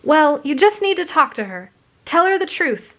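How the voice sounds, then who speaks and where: A woman's voice: high voice, sing-song, moderate pace, pitched above the performer's own voice. A woman voicing a cheerful, bubbly teenage girl who encourages her friend, in a whispered role-play. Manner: bubbly and upbeat.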